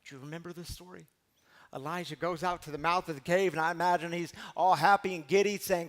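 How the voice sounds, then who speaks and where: A middle-aged man preaching a recovery sermon, animated storytelling that swings from loud to hushed. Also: on the high side, fairly quick. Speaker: pastor of a recovery community.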